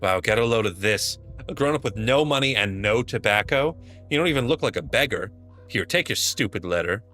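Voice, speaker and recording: A man's voice: mid-range voice, huge pitch swings, quick pace, few pauses, sharp tone, faint music behind, heavily acted. A man voicing a pushy, rude young boy delivering a letter in a video game. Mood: taunting. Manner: wheedling, taunting.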